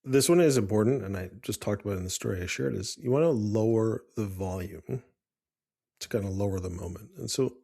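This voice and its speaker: An earnest man with a lowish, mellow voice co-hosts a casual talk on fatherhood. He speaks warmly and unhurriedly, often restarting his sentences as he works through his advice. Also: a little fast, gravelly. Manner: earnest, with frequent restarts and fillers. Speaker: podcast co-host. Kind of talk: casual parenting advice chat.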